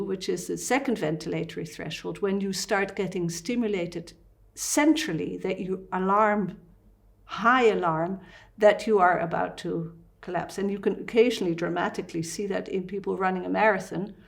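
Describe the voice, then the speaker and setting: A woman fasting doctor with a Dutch accent, explaining fitness and breathing in an interview with lively asides. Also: medium pitch, gravelly.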